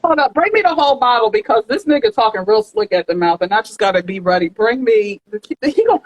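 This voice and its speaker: A woman's voice: a little high, expressive, fast, poor audio. A woman putting on a haughty, demanding diva pop star, sassy and imperious. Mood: indignant. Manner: sassy, imperious, calls for champagne.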